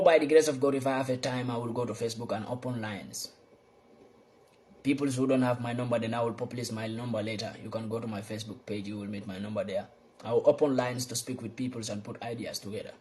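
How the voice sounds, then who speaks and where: A young man giving an impassioned political monologue, fervent and repetitive, swinging between loud outbursts and low muttering. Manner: repeats lines for emphasis. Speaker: political vlogger.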